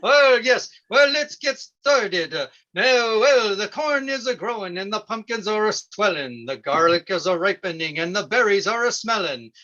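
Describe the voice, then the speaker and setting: A man putting on a high, goofy old farm-show host. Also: animated, sharp tone, muffled recording. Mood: folksy cheerful. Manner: corny, drawn-out, chuckling "ho ho ho". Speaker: stand-up comedian. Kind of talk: character stand-up bit.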